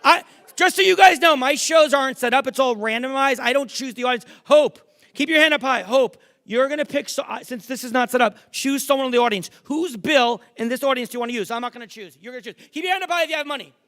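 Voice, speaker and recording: Brief: brash middle-aged male stage magician, high bright voice, joking crowd work in a big theater. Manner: brash, joking, swearing, rapid crowd banter. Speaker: magician performer. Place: large theater stage before a live audience.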